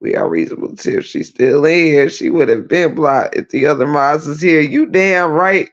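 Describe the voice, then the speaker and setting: A woman hosting a casual livestream, teasing her viewers, breaking into laughter and loud exclamations. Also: low voice, animated, normal speed, dull audio. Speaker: livestream host.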